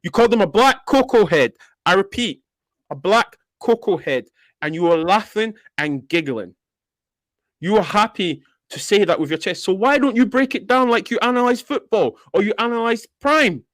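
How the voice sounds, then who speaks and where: Casting: high-pitched man, furious and sweary, dry close sound. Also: animated, moderate pace, no room sound. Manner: heated, sweary, emphatic. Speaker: panel member. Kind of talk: angry live-stream call-out.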